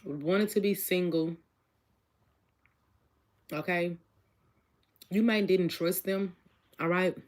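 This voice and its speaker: A woman's voice: lowish voice, slow, long pauses, darkish tone. A woman giving a casual tarot reading, chatty and repetitive, asking each question aloud and talking straight to her viewers. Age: adult with a child. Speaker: tarot reader.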